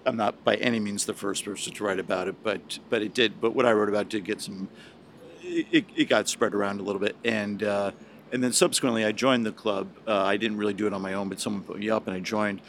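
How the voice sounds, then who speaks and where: A man's voice: fairly low pitch, fast talker, gravelly, a bit bright, slight background noise. A man, a podcast guest, chatting casually and rambling with many fillers and restarts. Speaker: podcast guest, golf writer. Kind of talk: casual chat.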